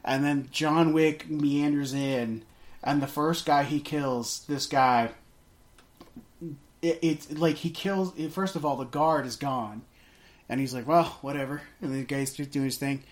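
A man's voice: medium pitch, unhurried. A man co-hosting a casual movie podcast, rambling through a scene with many restarts and fillers. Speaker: podcast co-host.

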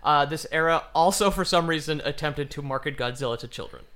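A man's voice: a little high, a little fast, sharp tone. A man hosting a casual podcast and explaining a topic to friends in a joking, profane way. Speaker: podcast host presenting the topic.

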